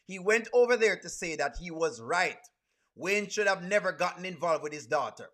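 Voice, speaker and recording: A Jamaican man riffing live on a reaction stream. His voice is high and bright. He keeps firing rhetorical questions at his viewers. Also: animated, a little fast. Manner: asks the chat rhetorical questions, creole grammar. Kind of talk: casual live reaction commentary.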